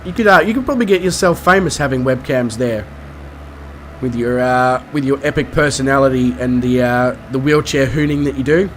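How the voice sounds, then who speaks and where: Streaming a flight game, an Australian man chats casually with his live viewers, rambling and mocking himself. His mid-range voice moves a little fast, and there's slight background noise.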